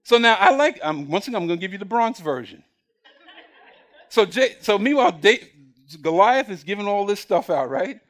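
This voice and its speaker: A male preacher giving a lively, humorous sermon in church, acting out scenes and calling someone up from the congregation. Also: high voice, moderate pace. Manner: animated, jokey, acts out scenes, calls up a boy from the congregation. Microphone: recorded on camera for broadcast.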